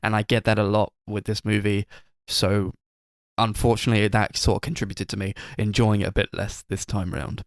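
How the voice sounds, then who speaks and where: A man's voice: fairly low pitch, little pitch movement, fairly quick, no echo, clean studio sound. A man co-hosting a casual film review podcast, rambling with lots of fillers and giggling as he retells scenes. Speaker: podcast co-host.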